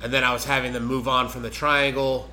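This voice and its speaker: A male jiu-jitsu instructor chats earnestly, walking through his ideas step by step. His tone is bright and forward, at an ordinary pitch, with faint room ambience behind him. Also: level tone, a little fast, a little hiss or hum, rough recording. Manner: earnest, explanatory. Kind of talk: casual chat, storytelling.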